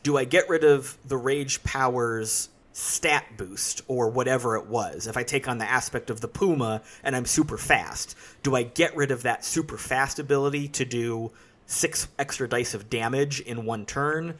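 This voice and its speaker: A man hosts a relaxed podcast chat about tabletop games. His voice sits in the middle of the male range. He explains his points in a steady, analytical manner. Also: medium pitch, normal speed. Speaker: podcast host. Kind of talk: casual podcast discussion.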